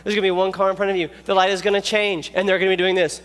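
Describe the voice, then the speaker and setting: A man preaching a youth sermon, animated and jokey, telling stories and checking in with the listeners. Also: high voice, racing, clear, resonant tone. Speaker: youth pastor. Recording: long echoey hall reverb.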